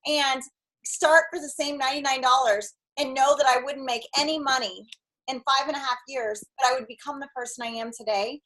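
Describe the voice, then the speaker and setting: High-voiced woman hosting a call. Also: steady tone, a little fast, a bit bright, low-quality recording. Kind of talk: casual video call chat.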